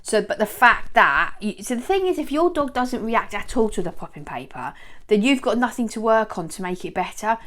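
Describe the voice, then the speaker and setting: A woman's voice: on the high side, expressive, normal speed, fairly bright tone. A woman chatting as she shows how she trains her dogs, rambling and often cheering them on. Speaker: dog owner showing training. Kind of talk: casual how-to vlog.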